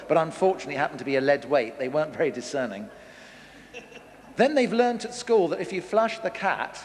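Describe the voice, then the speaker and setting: A middle-aged man giving a humorous family talk to a live audience, acting out scolding parents. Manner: animated, acts out scolding parents with big pitch jumps. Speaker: conference speaker. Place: large hall. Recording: long reverb of a big hall.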